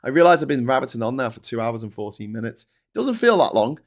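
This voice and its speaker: A man's voice: mid-range voice, very animated, fast talker. A man with an English accent hosting a casual live-stream chat, ranting and swearing freely as he reads viewer messages and newspapers. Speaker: host.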